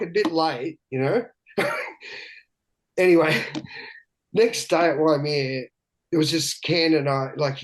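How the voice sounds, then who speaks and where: A man's voice: on the high side, slight background noise, poor audio. A man, a guest telling candid stories in a rambling, profane way with many restarts. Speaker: guest, big-wave surfer. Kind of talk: candid storytelling chat.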